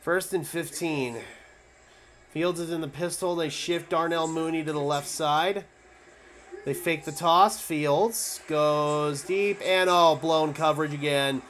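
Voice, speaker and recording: A man calls a football game play by play as a fan, his voice sitting a little high for a man. He sounds exasperated, venting about his team's defense between plays. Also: steady tone, slow pace, fairly bright tone. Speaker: fan commentator. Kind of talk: live play-by-play fan commentary.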